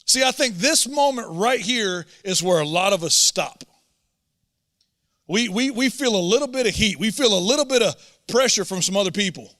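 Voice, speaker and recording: A man's voice: high-pitched, animated, normal speed, bright, forceful tone. A man preaching a sermon as a pastor, earnest and emphatic, often repeating words as he presses a point. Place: church auditorium. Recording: long church hall reverb.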